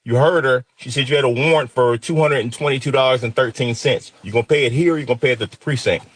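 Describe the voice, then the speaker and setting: A man's voice: mid-range voice, breathy edge, natural voice. A man putting on a taunting police officer. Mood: menacing. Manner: taunting, quick. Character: menacing, mocking male police officer.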